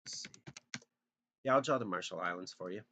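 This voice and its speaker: Low-voiced joking man streaming. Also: brisk, sharp tone, a little hiss or hum. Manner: joking, self-deprecating, thinking aloud. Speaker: streamer drawing for viewers. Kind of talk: casual live-stream chat.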